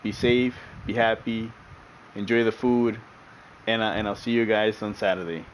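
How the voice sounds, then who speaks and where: A man's voice: fairly low pitch, fairly even intonation, normal speed, a little hiss or hum, low-quality recording. A man streaming sim racing, chatting casually with his viewers, laughing often and repeating himself as he talks.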